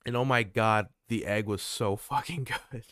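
A man's voice: fairly low pitch, a little slow, fairly bright tone, dry recording, studio quality. A man in his twenties co-hosting a podcast, chatting casually in a rambling, loose way with frequent restarts and casual swearing. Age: 20s. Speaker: podcast co-host.

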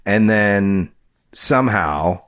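A man's voice: fairly low pitch, expressive, extremely slow, a bit bright. A man co-hosting a podcast, talking casually and rambling with frequent restarts and fillers. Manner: rambling, self-correcting, lots of fillers. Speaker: podcast co-host.

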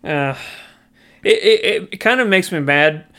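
Dude on a movie podcast, kinda high voice, blunt and chatty. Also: male voice, lively intonation, a little slow, sharp tone. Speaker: podcast co-host. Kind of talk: casual movie review chat.

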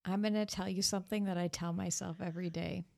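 A woman co-hosting a podcast, giving calm, dry comebacks in casual chat. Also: on the low side, quick pace, creaky, no echo. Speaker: podcast co-host.

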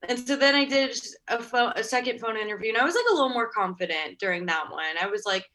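A young woman in her twenties tells a story in a bright, lively voice, her talk full of fillers, quick laughs and "oh my God". Her pitch sits a little high, and she sounds chatty and animated throughout. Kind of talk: casual storytelling.

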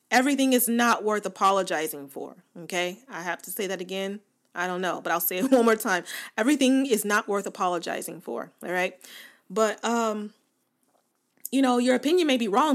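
A woman's voice: medium pitch, a little fast. A woman hosting a podcast in casual chat with her listeners, chatty and emphatic, often laughing and repeating her points for weight. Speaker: podcast host.

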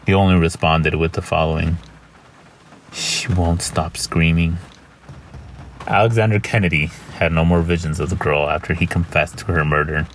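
Deep-voiced man narrating horror. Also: fairly even intonation, slight background noise. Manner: measured, grave storytelling.

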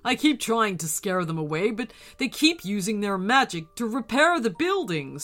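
A woman voicing a grumpy, tired female winter dragon in a storybook reading, speaking in a snappish, booming way. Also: fairly bright tone. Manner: snappish, booming, slow and deliberate.

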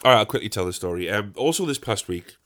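A man's voice: on the low side, expressive, fast talker, fairly bright tone. Young man telling a sweary anecdote. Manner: rambling, swears a lot, self-mocking. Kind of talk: casual comic anecdote.

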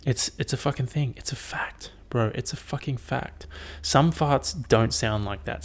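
A man's voice: medium pitch, normal speed, gravelly, few pauses. A young man hosting a casual solo podcast, rambling and swearing with lots of fillers. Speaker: podcast host.

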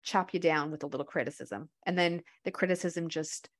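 A woman in her thirties hosts a podcast in candid, conversational talk. Her voice sits a little low for a woman. She speaks frankly and with animation, with plenty of casual fillers. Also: fairly quick. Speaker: podcast host.

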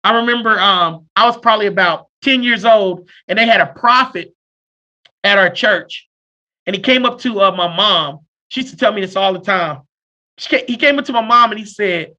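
A man in his thirties speaks as a therapist in a casual podcast chat, loud and abrasive with blunt humor. His voice sits fairly high for a man and sounds bright and forceful. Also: moderate pace, highs cut off. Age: 30s.

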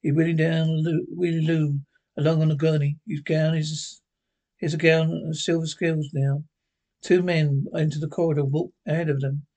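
A man reads a script's stage directions aloud. His delivery is plain and stumbles now and then. His voice sits fairly high for a man. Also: little pitch movement, moderate pace, darkish tone. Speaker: reader.

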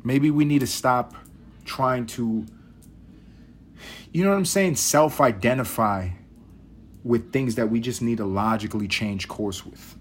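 A man's voice: medium pitch, unhurried, long pauses, slight background noise. A man hosting a podcast, talking in a rambling, profane, wry casual monologue. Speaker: podcast host. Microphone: podcast mic.

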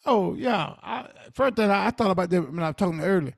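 A man's voice: sits high, lively intonation, fast talker, gravelly, no echo, studio quality. A man co-hosting a podcast, giving earnest, preachy advice in casual talk. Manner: earnest, preachy advice with Southern Black vernacular. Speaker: podcast co-host.

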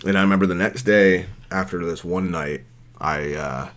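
A man co-hosting a podcast, telling rambling, profane stories in casual chat that get loud and animated at the punchlines. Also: sits low, normal speed. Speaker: podcast co-host.

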